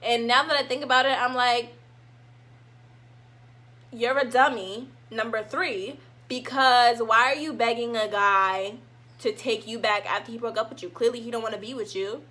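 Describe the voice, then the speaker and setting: Animated young woman, bright voice. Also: fairly high pitch, normal speed. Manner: animated, dramatic reenactments of herself. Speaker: vlogger. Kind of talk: casual storytime.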